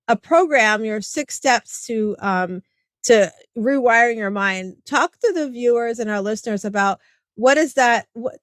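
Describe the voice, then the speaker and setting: A woman's voice: on the high side, no room sound. Chatty middle-aged woman hosting a talk. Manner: warm, chatty, storytelling, acts out quoted dialogue. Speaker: podcast host. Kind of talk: casual interview chat.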